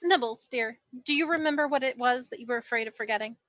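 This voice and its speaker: High, bright woman role-playing. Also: quick pace, dry recording. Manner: questioning, hesitant with frequent ums. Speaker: player. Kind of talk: tabletop role-play, in and out of character.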